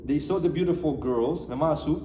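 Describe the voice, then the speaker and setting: A man, a rabbi, teaching a lively Torah lesson, putting questions to his listeners and mixing in Hebrew phrases. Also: a little high, fast talker. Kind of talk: animated Torah lesson to a small group. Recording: echoey room with long reverb, faint noise.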